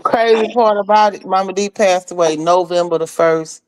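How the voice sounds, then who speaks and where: Lively woman telling stories in casual talk. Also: fairly low pitch, normal speed, a little hiss or hum, poor audio. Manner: animated storyteller, acts out quoted voices. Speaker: friend sharing memories. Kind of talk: casual conversation.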